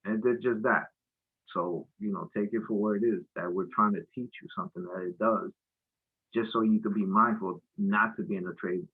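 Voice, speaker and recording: A husky, low-pitched man runs through a casual trading recap while walking through his charts. He rambles loosely, full of fillers and slang. The sound is thin and tinny, like it came over a phone line. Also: fairly even intonation, a little fast. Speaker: futures trading presenter. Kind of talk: casual screen-share market recap.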